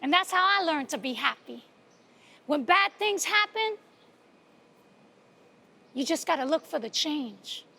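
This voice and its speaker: A woman's voice: high-pitched, measured pace, creaky, pauses often. A woman from Brooklyn, telling a solo monologue with streetwise energy and hosting a show outdoors. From Brooklyn, New York. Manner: streetwise, animated storytelling. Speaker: host and playwright. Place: outdoors in front of a cafe.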